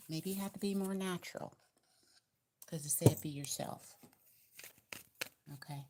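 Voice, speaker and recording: Low-voiced Southern woman reading tarot. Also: a little slow, pauses often, noisy background. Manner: chatty, repetitive, encouraging, with colloquial grammar. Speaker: tarot reader. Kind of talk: casual tarot card reading.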